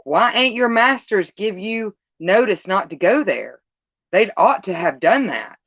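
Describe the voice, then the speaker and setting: A woman's voice: medium pitch, big pitch swings, measured pace, a bit bright, no echo, muffled recording, full character voice. A woman doing a grave old country shepherd. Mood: warning. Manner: rustic country speech, solemn warnings.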